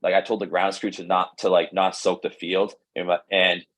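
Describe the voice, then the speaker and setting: A young man's low, husky voice, relaxed and conversational. He rambles through a story in a casual interview, stacking fillers and slipping into quoted dialogue. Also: moderate pace, low-quality recording. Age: young adult. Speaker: pro baseball pitcher, guest.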